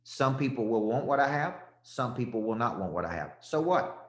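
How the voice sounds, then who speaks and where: A man's voice: mid-range voice, animated, moderate pace, a bit bright, roomy sound. A man with a Southern accent, a sales coach giving a punchy, repetitive motivational talk and calling out listeners by name.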